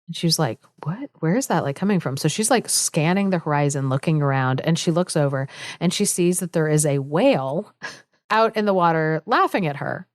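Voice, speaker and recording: A woman with a deep, animated voice speaks at normal speed in a dry, clean studio recording. Co-hosting a podcast, she retells a fairy tale as casual storytelling chat, full of asides and "like," laughing often.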